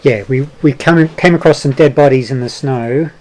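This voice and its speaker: A man at a game table introducing his character in a halting way, full of fillers. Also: medium pitch, darkish tone. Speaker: player.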